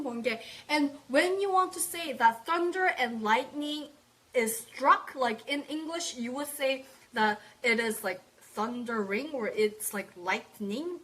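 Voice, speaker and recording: A young woman teaching a live online language class, repeating words for drills and praising students by name. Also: a little high. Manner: repeats words slowly for practice, cheerful praise.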